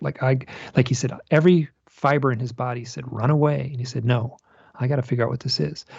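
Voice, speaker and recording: Gravelly-voiced male guest, husky, dry and slightly dull remote audio, a rambling storyteller. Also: medium pitch, no echo. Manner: rambling, animated storyteller with many restarts. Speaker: guest author and researcher. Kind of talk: casual storytelling interview.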